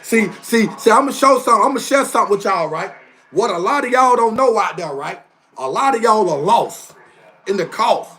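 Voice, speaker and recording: A man's voice: sits high, animated, moderate pace, bright, forceful tone. A man ranting on a livestream in a heated, emphatic way, repeating his phrases again and again. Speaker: live streamer. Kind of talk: casual livestream rant.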